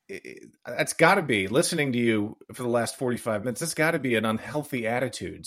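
A man hosting a podcast, speaking reflectively and haltingly with many fillers in casual interview chat. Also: mid-range voice. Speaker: podcast host.

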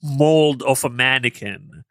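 A man's voice: medium pitch, slow pace, no room sound. Laid-back man, dry close sound. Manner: relaxed, agreeable, recounts scenes with quoted lines. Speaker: podcast co-host. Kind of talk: casual chat.

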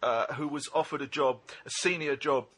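A man as a guest in a casual chat, telling anecdotes haltingly with many fillers. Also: mid-range voice, a bit bright, husky. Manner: halting anecdotes, full of ums.

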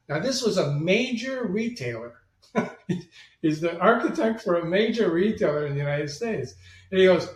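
A man telling stories as a guest in an interview, animated and acting out the voices of people he quotes. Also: high voice, normal speed. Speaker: guest, marketing agency president. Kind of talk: storytelling interview talk. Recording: roomy, distant from the mic.

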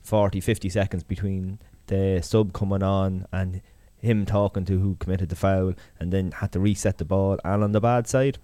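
A man's voice: deep voice, fairly even intonation, moderate pace, hardly any pauses, dark tone, no room sound. An Irish man co-hosting a podcast, talking casually in a rambling, hesitant way. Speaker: podcast co-host. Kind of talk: casual chat.

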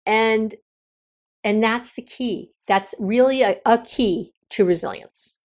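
A woman's voice: a little high, slow, darkish tone. A woman hosting her own podcast, talking candidly and from the heart, with frequent restarts and trailing thoughts. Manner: earnest, heartfelt, meandering with many restarts. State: near tears. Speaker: podcast host. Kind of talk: candid solo podcast talk.

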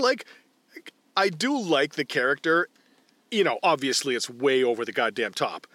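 A man in casual movie commentary chat, retelling scenes in a profane, animated way. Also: on the high side, slow, long pauses, no echo. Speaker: podcast co-host.

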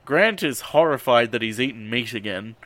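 A man's voice: mid-range voice, animated, moderate pace, fairly bright tone, dry recording. A man on a podcast casually recapping a movie, swearing and rambling with lots of ums and uhs. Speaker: podcast host.

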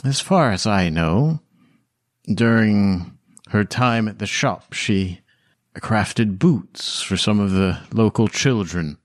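A man narrating as the game master of a tabletop game, describing scenes in a measured way. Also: on the low side, lively intonation, no echo, studio quality.

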